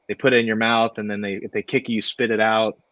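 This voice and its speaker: A man, a guest wrestler, telling stories in a relaxed way, with lots of fillers and laughter. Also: fairly low pitch, quick pace, no echo. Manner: laid-back, many fillers, laughs while telling stories. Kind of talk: casual storytelling. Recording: dry, dull lo-fi audio.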